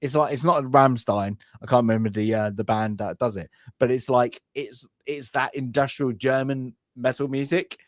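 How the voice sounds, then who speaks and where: A man's voice: medium pitch, fairly even intonation, normal speed, few pauses, no echo. Rambling man on a dry mic. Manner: rambling, filler-heavy, laughing asides. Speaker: film review podcast host. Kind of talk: casual chat. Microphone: remote live-stream call.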